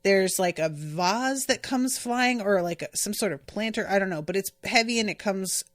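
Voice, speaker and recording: A woman's voice: medium pitch, normal speed, no echo. A woman hosting a podcast, recapping an episode in a chatty, exasperated way with lots of filler words. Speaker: podcast host. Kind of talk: casual episode recap and commentary.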